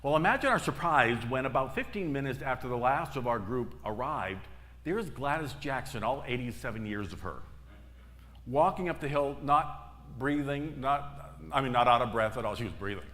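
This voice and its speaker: Middle-aged man, minister preaching, storytelling, emphatic repetition, mid-pitched voice, echoing church hall. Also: expressive, moderate pace, fairly bright tone. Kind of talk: sermon. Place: church sanctuary.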